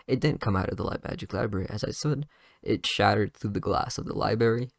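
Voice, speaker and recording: A man's voice: on the low side, quick pace, vocal fry, no echo, clean studio sound. A man casually improvising a fan story, rambling with lots of fillers and restarts.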